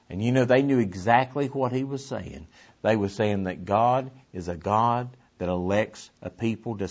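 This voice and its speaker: A man preaching a sermon to a congregation, swinging between forceful emphasis and hushed near-whispers, repeating his phrases. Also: mid-range voice, husky, muffled recording. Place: church before a congregation.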